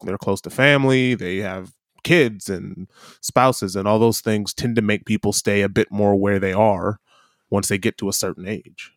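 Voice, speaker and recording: Interview guest: middle-aged man, low voice, dry close sound, relaxed and rambling. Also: normal speed, no room sound. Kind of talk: casual conversation.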